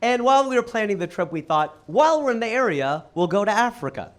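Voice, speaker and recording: Man, American accent, stand-up comedian, high voice, very lively pitch. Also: fast, heavy background noise. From United States. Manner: animated, rising to exclaim punchlines. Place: comedy stage before a live audience.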